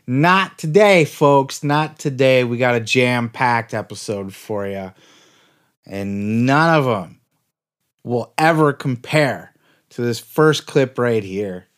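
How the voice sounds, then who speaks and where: Profane, excitable male podcast host. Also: medium pitch, slow. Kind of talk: comic podcast rant.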